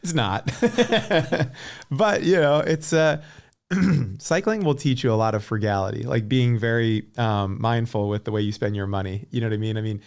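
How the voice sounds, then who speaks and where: An American man in his forties talks casually as a podcast guest. He tells his stories with lively energy, leans on "like" as a filler, and sits at an everyday middle pitch. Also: normal speed, clear, resonant tone. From United States. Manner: animated storyteller, many "like" fillers. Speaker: podcast guest, former pro cyclist. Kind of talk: casual chat.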